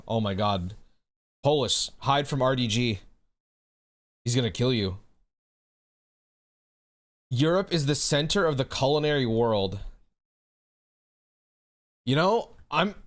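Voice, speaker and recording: A male streamer chatting casually with his viewers in a relaxed way. He swears freely and calls people bro. His voice sits at an ordinary middle pitch for a man. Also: slow, pauses often. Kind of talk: casual chat with a live audience.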